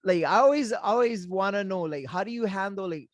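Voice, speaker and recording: A man's voice: high-pitched, brisk, no room sound, clean studio sound. A man hosting a podcast, asking questions in an easygoing, chatty way with lots of fillers and laughter. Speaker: podcast host. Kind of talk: casual interview chat.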